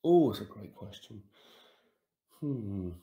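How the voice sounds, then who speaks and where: A man's voice: on the low side, animated, slow, creaky, mellow. Middle-aged male actor, casual fan Q&A over video call, meandering and self-mocking, slightly roomy sound. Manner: rambling, hesitant, full of ums and self-deprecating asides. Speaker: actor answering fan questions. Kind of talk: casual virtual Q&A.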